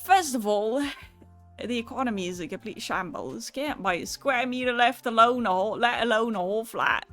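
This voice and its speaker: Brief: grumbling British bloke in a botched British-Southern accent, a woman putting it on, pitched up a bit, faint music underneath. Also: lively intonation, fairly bright tone. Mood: complaining. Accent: mix of British and American Southern. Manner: exaggerated, deliberately clumsy put-on accent.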